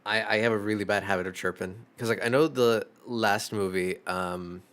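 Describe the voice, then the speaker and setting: A man's voice: lowish voice, fairly even intonation, normal speed, a bit bright. A young man, a streamer, chatting casually in a rambling, self-deprecating way, swearing freely. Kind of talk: casual chat.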